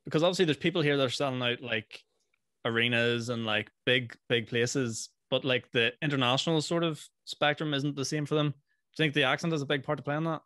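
A man's voice: medium pitch, sharp tone, no echo, studio quality. A man with a Northern Irish accent hosting a podcast, asking questions casually and laughing often. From Northern Ireland. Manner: friendly, laughs often, quick backchannels. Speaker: podcast host. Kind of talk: casual interview.

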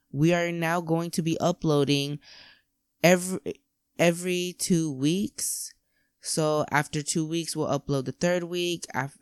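Smooth, effusive casual podcast host. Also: mid-range voice, dry recording, clean studio sound. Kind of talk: casual solo podcast chat.

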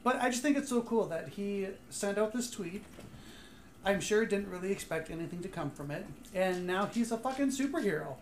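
A woman's voice: mid-range voice, expressive, normal speed. A woman co-hosting a podcast in casual chat, talking hesitantly with many restarts. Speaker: podcast co-host. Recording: echoey room with faint noise.

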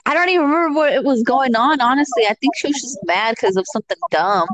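A woman's voice: high voice, expressive, fast, fairly bright tone, rough recording. Laughing young woman in casual chat. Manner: laughs often, profane storytelling with Spanish mixed in. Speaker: podcast co-host.

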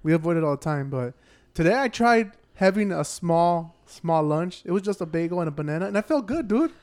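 High-voiced laid-back man. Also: expressive, a little fast, a little mellow. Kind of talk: casual chat.

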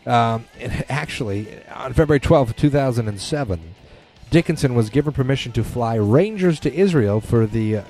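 A man with a mid-range, husky voice and a darkish tone hosts his podcast alone. His casual monologue rambles, with many fillers and restarted sentences.

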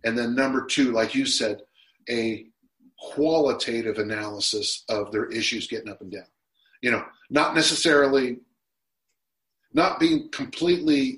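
Heard with a roomy echo, this podcast guest in his sixties talks at a normal speed in a mid-range, somewhat bright voice. He reflects thoughtfully during the interview, occasionally becoming emotional.

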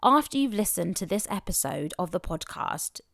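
A woman's voice: fairly low pitch, big pitch swings, normal speed, gravelly, fairly bright tone, dry recording, studio quality. Effusive woman hosting a podcast. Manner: effusive and enthusiastic. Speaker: podcast host. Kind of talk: motivational podcast intro.

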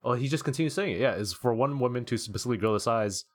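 A man co-hosting a podcast, reading posts aloud in a casual, animated way and laughing at them. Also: mid-range voice, very fast. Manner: reads quotes in an animated, laughing voice. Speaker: podcast co-host.

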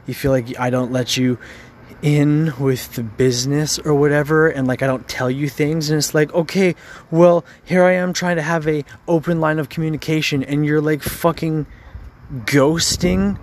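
A man's voice: fairly high pitch, fairly even intonation, normal speed, slight background noise. A man venting in an angry rant, frustrated and profane, stumbling over repeated words.

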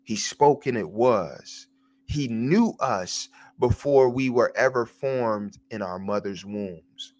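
A man's voice: medium pitch, takes it slowly, darkish tone, a little hiss or hum. An earnest man hosts a devotional podcast and tells a personal story. He talks in a mid-range voice, stops often to restart and repeats words on his way to the point. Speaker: podcast host.

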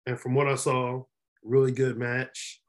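A man's voice: medium pitch, level tone, unhurried. A man co-hosting a casual wrestling podcast, blunt and opinionated as he talks. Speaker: podcast co-host.

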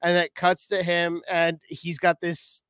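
A man's voice: high voice, completely flat delivery, a little slow, a bit bright, smooth, no echo. A man in casual podcast chat, rambling through his story with restarts and hesitations.

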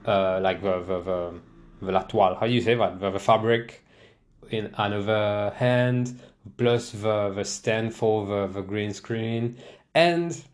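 A young man hosting his own podcast, rambling casually and mocking himself as he talks from a chair at home. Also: lowish voice. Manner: rambling, self-mocking, many restarts and laughs. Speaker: podcast host. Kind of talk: casual solo podcast chat. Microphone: desk microphone, seated in a chair.

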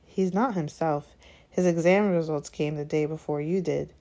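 A cheeky, self-assured teenage wizard boy, voiced by a woman reading aloud. He sounds brash and easy, in a low, mellow voice, as in a storybook read aloud. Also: steady tone, moderate pace. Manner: brash, frowning.

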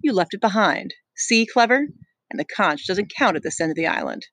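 A reader doing a domineering boy tribe leader, slow, sneering, commanding, dry close sound. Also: medium pitch, lively intonation, a bit bright, dry recording. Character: proud, domineering boy hunt chief.

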